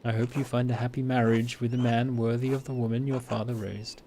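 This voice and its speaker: Man as a soft-spoken fatherly innkeeper, gentle and even, mid-range voice. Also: mid-range voice, brisk, slight background noise, close to an everyday voice. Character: kindly middle-aged male innkeeper, fatherly.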